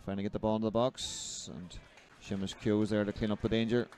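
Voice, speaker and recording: A man giving live play-by-play football commentary, brisk and lifting his voice as the action builds. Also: fairly low pitch, flat delivery, darkish tone, a little hiss or hum.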